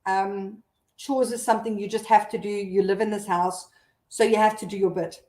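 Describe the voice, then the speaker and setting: A woman's voice: mid-range voice, fairly even intonation, moderate pace, darkish tone, reverberant. A South African woman hosting a casual live stream, chatting and laughing as she reads out viewer comments.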